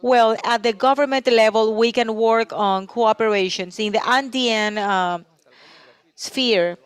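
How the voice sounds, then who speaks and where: A woman working as a simultaneous interpreter at a panel discussion, speaking in a steady, even way with frequent pauses as she keeps up with the speaker. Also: a little high, smooth, no room sound. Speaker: conference interpreter.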